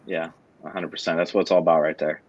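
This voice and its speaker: Man, podcast host, friendly interview, very deep voice, muffled lo-fi sound. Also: little pitch movement, fast, darkish tone. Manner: friendly, appreciative wrap-up. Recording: dull lo-fi sound.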